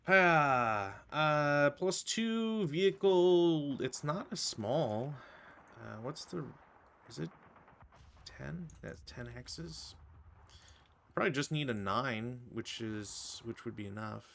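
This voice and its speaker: Gravelly man teasing his opponent. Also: mid-range voice, lively intonation, slow pace, sharp tone. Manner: dry, teasing, laughs often. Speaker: board game opponent. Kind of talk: casual live-streamed game chat.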